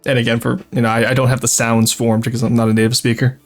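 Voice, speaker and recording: A French Canadian man speaks in a mid-range, level voice at a quick pace, with soft music in the background. He streams a strategy game, rambling and chatting, swearing freely and laughing often. The clip is casual live-stream banter alongside game commentary.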